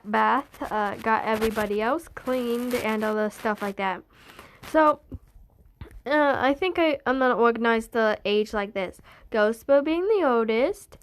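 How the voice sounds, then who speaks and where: A woman narrating an improvised fan story, rambling and hesitant, correcting herself as she goes. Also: high voice.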